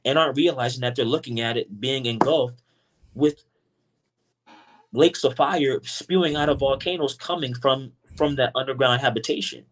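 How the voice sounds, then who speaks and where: A man with a fervent, preacher-like delivery, pressing his points hard and stumbling over restarts. He talks from inside a car. His voice sits at an ordinary middle pitch for a man. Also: moderate pace. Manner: intense, preacherly, stammers on restarts. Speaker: podcast guest. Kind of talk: fervent preaching-style discussion.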